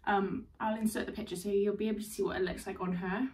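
A woman's voice: medium pitch, flat delivery, fast, darkish tone. A young woman chatting casually and bubbly through a dress haul, laughing often. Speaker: fashion vlogger. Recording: distant mic, faint room noise.

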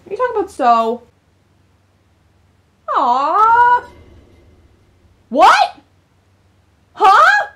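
A woman giving let's-play reaction commentary on a game. She reacts dramatically and laughs often, with a high voice that swings widely in pitch. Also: big pitch swings, unhurried, pauses often, a bit bright. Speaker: gaming video host.

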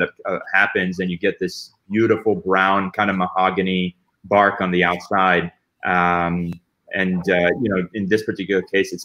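A man with a fairly low voice talks as a guest pitmaster in an easygoing panel chat. He explains at an unhurried pace and leans on frequent ums and uhs. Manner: relaxed, explanatory, with frequent fillers. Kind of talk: casual panel discussion.

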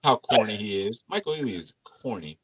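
A man hosting a casual TV review chat, animated, profane and mocking as he riffs on the episode. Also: lowish voice, brisk, crowd noise. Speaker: TV show review podcast host.

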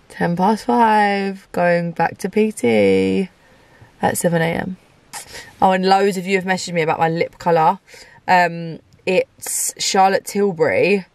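A woman's voice: lowish voice, vocal fry, no room sound. A woman vlogging to camera in a chatty, loose way, with lots of ums and casual swearing. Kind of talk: casual vlog chat to camera.

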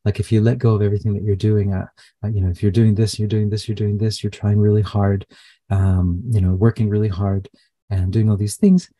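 A man channeler in a live session, speaking haltingly with many fillers and restarts. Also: on the low side, flat delivery, warm tone, no room sound.

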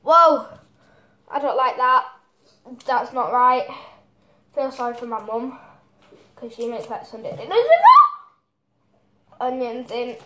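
A woman's voice: on the high side, lively intonation, slow pace, long pauses, background noise. A woman with a cold, teary from chopping onions and exclaiming dramatically in a casual cooking vlog at home. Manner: dramatic, exclaiming, self-mocking. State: has a cold. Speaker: vlogger.

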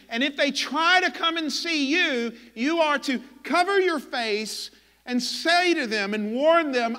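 A man preaching a sermon as pastor, impassioned and emphatic, with dramatic pauses. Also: very high-pitched, animated, bright, forceful tone, in a large hall. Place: church sanctuary.

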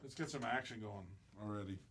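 A man's voice: on the low side, brisk, a bit bright, breathy edge. A man hosting a live-stream auction in casual chat, laughing often and teasing the bidders.

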